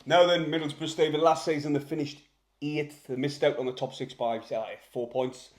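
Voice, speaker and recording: A man's voice: a little high, fairly even intonation, moderate pace, echoey room. A man, co-hosting a casual football chat and often checking in with his co-host. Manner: conversational, checks in with questions.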